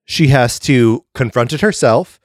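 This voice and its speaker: A man in his forties, guest co-host on a podcast, chatting excitedly with stammered restarts and swearing. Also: medium pitch, a little slow, no echo, studio quality. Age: 40s. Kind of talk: casual chat.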